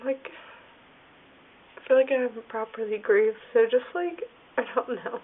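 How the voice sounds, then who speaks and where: A woman talking in a casual video diary, rambling and halting, with lots of "like" fillers. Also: fairly high pitch. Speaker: vlogger. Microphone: phone or camera filming herself. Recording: tinny phone-like sound with faint hiss.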